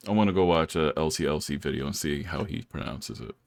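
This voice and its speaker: A man's voice: a bass voice, quick pace, gravelly, dry recording, studio quality. A young man hosting a podcast, telling stories in a laid-back way and laughing often. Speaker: podcast host. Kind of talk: casual chat.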